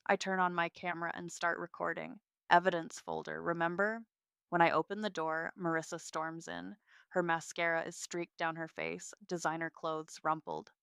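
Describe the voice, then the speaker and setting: A woman narrating a first-person story in a cool, measured way. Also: on the low side, flat delivery, vocal fry, a bit bright, clear, resonant tone, dry recording, clean studio sound.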